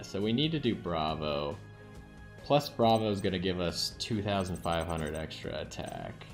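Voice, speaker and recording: A man calmly narrating his card game moves and thinking aloud as he plays. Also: sits low, gravelly. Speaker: gaming channel host. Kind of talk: casual game commentary.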